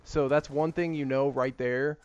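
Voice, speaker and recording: A man's voice: mid-range voice, steady tone, measured pace, a little mellow, smooth, no echo. A man giving rambling, filler-heavy casual commentary over gameplay as a gaming YouTuber. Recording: slightly muffled lo-fi mic.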